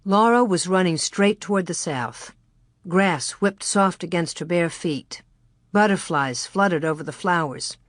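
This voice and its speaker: Reading scripted audiobook narration, a woman with a voice on the low side delivers the text in a measured yet expressive way. The sound is dry and studio-clean.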